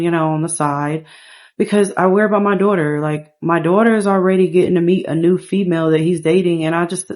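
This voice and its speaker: A woman's voice: fairly low pitch, darkish tone, lightly acted. A woman voicing a young, outspoken female hairdresser in a sassy, breezy way while narrating gameplay. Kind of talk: playful character voicing over gameplay.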